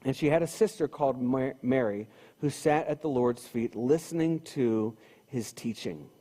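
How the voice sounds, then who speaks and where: In a church sanctuary with long hall reverb, a pastor delivers a sermon in a conversational style, repeating phrases for emphasis. His medium-pitched voice is mellow and moves at a normal speed.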